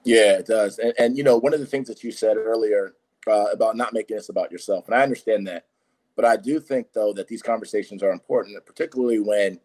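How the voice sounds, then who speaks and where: A man co-hosting a podcast, asking an earnest, measured question and often tagging "right?". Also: lowish voice, darkish tone. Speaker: podcast co-host. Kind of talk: interview questions.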